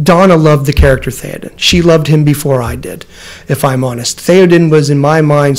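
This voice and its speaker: A man in his forties giving a personal talk as a professor, rambling and restarting often, growing emotional as he speaks. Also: a little high. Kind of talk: lecture with personal stories. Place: lecture room.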